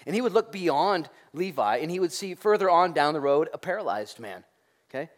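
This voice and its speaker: Animated joking male pastor. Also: fairly high pitch, a little fast. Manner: lively, joking preacher acting out quoted voices. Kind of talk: sermon.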